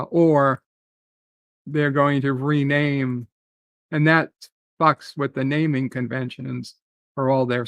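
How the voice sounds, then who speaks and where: A man's voice: medium pitch, gravelly, fairly bright tone, no echo. A man hosting a live stream, ranting in a rambling, profane way and answering chat comments.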